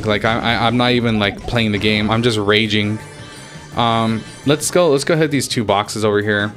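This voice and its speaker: A man's voice: on the low side, a bit bright. Frustrated young man swearing at a game. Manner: frustrated, swearing, trash-talking opponents. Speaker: gaming YouTuber. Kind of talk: casual gameplay commentary.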